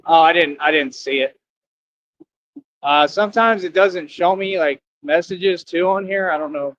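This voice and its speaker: A man's voice: fairly high pitch, unhurried, a bit bright, dry recording, muffled recording. A man hosting a livestream, talking casually to his chat and mocking commenters in a combative way. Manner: combative, mocking, talks back to viewer comments. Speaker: livestream host.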